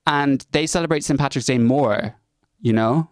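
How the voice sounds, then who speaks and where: Young irish guy ranting on his vlog, smooth clear voice, dry close sound. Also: medium pitch, normal speed, dry recording. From Ireland. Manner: animated, chatty, mocking impressions of others. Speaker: vlogger. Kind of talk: casual storytime rant.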